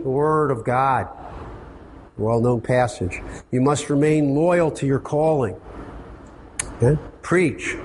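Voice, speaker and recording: A man's voice: mid-range voice, slight background noise. A man teaching a church counseling workshop, asking rhetorical questions and acting out quotes with emphasis.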